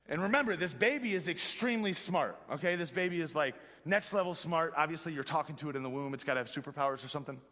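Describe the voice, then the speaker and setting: A man's voice: fairly high pitch, fast talker, hardly any pauses. Slangy pastor man in a reverberant hall. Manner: casual slangy, animated, talks to the audience. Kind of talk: youth sermon.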